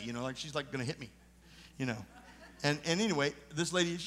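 A male pastor delivers a sermon with personal testimony, moving between emphatic points and hushed asides. His voice sits a little high for a man. The long reverb of a church sanctuary trails each line. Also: fast. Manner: earnest storytelling preacher, emphatic and then hushed.

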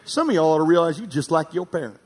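A high-pitched male pastor delivers a sermon with fervor. He climbs to emphatic, almost shouted peaks, then drops to hushed asides, and he calls out for amens from the congregation. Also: animated, fast talker, husky. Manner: rising to emphatic, near-shouting peaks and dropping to quiet asides.

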